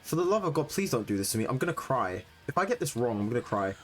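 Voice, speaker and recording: An excitable young man talks through his competitive matches, reacting as every move lands. His voice sits in the middle of the male range, with soft guitar music under it. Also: mid-range voice, fast talker. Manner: excitable, swings into loud frustrated rants. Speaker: gaming streamer. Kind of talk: live commentary on competitive battles.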